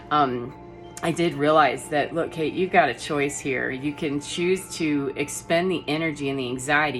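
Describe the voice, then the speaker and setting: A woman's voice: sits low, fairly bright tone. A middle-aged woman telling a personal story in a rambling, casual monologue, laughing often between fillers. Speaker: energy healer vlogger.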